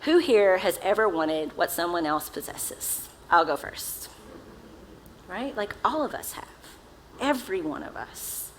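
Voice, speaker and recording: A woman's voice: lowish voice, big pitch swings, measured pace, a little hiss or hum, poor audio. A woman pastor delivering a casual, conversational sermon, often laughing at herself as she talks to the congregation. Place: church sanctuary.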